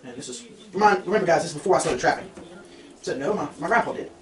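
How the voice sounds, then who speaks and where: A young trapper who vlogs tells his viewers a casual story from his fur shed, rambling, correcting himself, and speaking to them directly. His voice is a little high, lively in intonation, and fast, sounding far off in the echoey shed.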